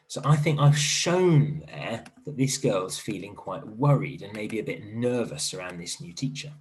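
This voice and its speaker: Encouraging male teacher, lowish voice. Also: lively intonation, normal speed, hardly any pauses. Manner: gentle, encouraging, thinks aloud while typing. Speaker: primary school teacher. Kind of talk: online literacy lesson.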